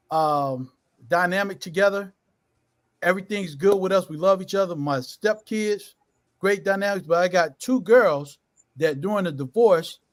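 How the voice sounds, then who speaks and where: High-voiced earnest middle-aged man. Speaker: panel guest. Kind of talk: casual panel discussion.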